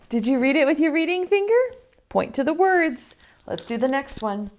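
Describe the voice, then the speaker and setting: A young adult woman teaching an online preschool circle time lesson, slow and sing-song with playful giggles. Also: fairly high pitch, big pitch swings.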